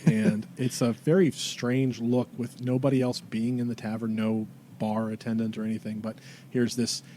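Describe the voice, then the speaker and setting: A man's voice: mid-range voice, little pitch movement, normal speed, dark tone, slight background noise. A man narrating a tabletop game as game master, with loose, self-correcting speech.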